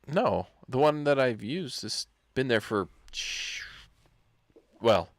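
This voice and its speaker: Man, podcast co-host, expressive voice, dry close sound, relaxed. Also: mid-range voice, takes it slowly, no room sound. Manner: easygoing, laughs along, lays out theories. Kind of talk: casual chat.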